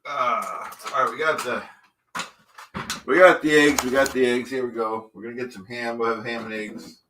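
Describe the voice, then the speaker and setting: A man's voice: mid-range voice, steady tone, moderate pace, background noise, lightly acted. A man playing a pompous, touchy middle-aged man who cooks eggs on a live stream, rambling and insisting on his own facts. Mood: blustering. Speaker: livestream host in character. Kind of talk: improvised character comedy stream.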